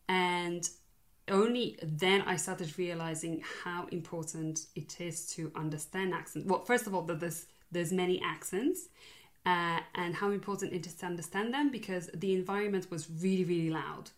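A young woman in her twenties chatting casually, thoughtful and halting, with many fillers and restarts. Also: lowish voice. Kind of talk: casual chat.

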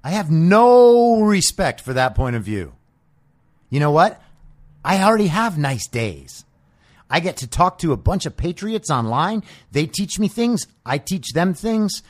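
A man's voice: fairly high pitch, sing-song, measured pace. A man hosting a political podcast, delivering a combative, profane monologue full of sarcastic rhetorical questions. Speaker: podcast host.

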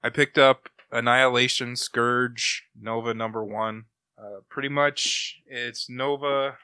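A man on a podcast excitedly retelling and reviewing a comic book, acting out characters' lines and laughing along. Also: mid-range voice, smooth, dry recording. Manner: animated retelling, acts out quotes, laughs often. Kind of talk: casual review chat.

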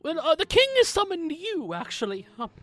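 A woman voicing a timid male Robin Hood-style minstrel who talks high and flustered. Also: big pitch swings, normal speed, a bit bright, heavily acted.

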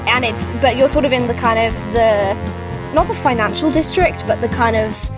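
A woman's voice: fairly high pitch, moderate pace. A woman narrating as game master of a tabletop game, rambling and hunting for words with lots of fillers. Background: music.

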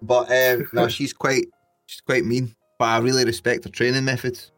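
A man in loose podcast banter. He jokes, swears freely and laughs often, and he sits in the middle range for pitch. Faint music plays underneath him. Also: little pitch movement, normal speed, a bit bright. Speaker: podcast co-host. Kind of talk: casual banter.

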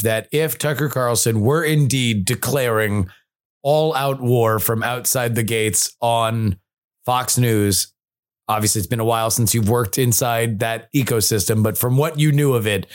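A man hosting a casual podcast interview, cutting in with short agreements and dry asides. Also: medium pitch. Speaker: podcast host.

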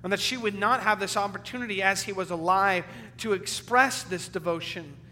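A male pastor preaching a sermon with earnest emphasis, sometimes loud and sometimes dropping to a hushed, low delivery. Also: normal speed. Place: church sanctuary. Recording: church hall reverb with faint hum.

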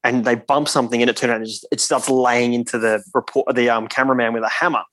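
A man's voice: medium pitch, steady tone, quick pace, fairly bright tone, no room sound. A man in casual podcast chat, animatedly retelling a scene and swearing freely.

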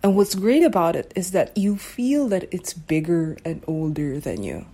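A woman's voice: on the low side, very animated, moderate pace, dark tone, husky. A woman hosting a casual solo podcast, musing aloud, searching for words and often checking whether the listener follows. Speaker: podcast host.

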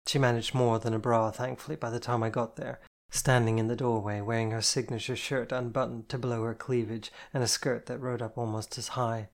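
An audiobook narrator reading a first-person novel in an even, measured way. The voice sits in a middle register. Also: medium pitch.

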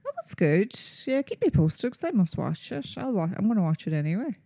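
A young woman co-hosting a podcast in casual chat, upbeat and quick to react and agree. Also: mid-range voice, very animated, gravelly, warm tone, no room sound. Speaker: podcast co-host.

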